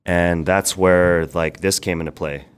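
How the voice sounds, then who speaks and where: A young man, a podcast guest, telling his story in casual, rambling speech with filler words and quick bursts. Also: deep voice, clean tone. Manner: rambling, quick bursts, quotes people in animated voices. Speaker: podcast guest, brand founder.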